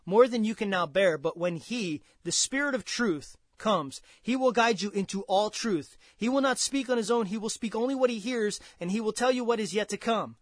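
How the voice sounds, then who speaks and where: A man's voice: high voice, lively intonation, normal speed, few pauses, dry recording. A man preaching a sermon with fervent energy, repeating words and building up intensity as he presses his points.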